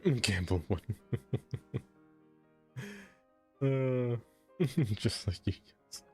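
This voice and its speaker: A man plays a city-building game live, chatting with viewers, laughing frequently, and talking to himself as faint music plays. His voice is medium in pitch and husky, very slow, with long pauses.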